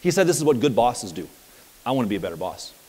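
A man coaching at a live seminar, telling anecdotes in an energetic, conversational way. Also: mid-range voice, fast, breathy edge, big-room sound. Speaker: property management business coach. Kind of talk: live seminar talk with audience questions.

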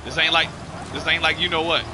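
A man gaming with a friend, slangy and loud, breaking into panicky yelps and comic complaints. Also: a little high, steady tone, a little fast, heavy background noise. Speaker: gamer playing with a friend. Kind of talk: excitable gaming banter. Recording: loud game music behind the voice.

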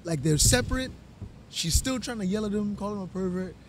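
A man's voice: high-pitched, lively intonation, a little fast, a little hiss or hum. A man, co-hosting a podcast and telling a long, profane story with many restarts. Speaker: podcast co-host. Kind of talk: casual storytelling chat.

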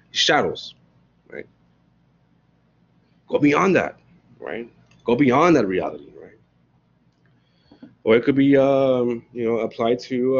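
A man's voice: fairly low pitch, breathy edge. A man lecturing on philosophy in a casual, profane way, acting out characters in slangy voices and checking in with "right?" after nearly every point. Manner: animated storyteller, acts out characters in slangy voices, tags lines with "right?". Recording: dull, lo-fi recording.

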